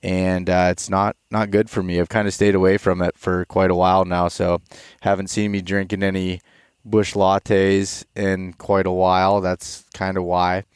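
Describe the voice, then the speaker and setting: A young man hosting a podcast, chatting casually in a relaxed, rambling way, tired and a bit stuffed up after a long day outdoors. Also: low-pitched, moderate pace, clear, resonant tone, no room sound, studio quality. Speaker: podcast host. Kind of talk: casual chat.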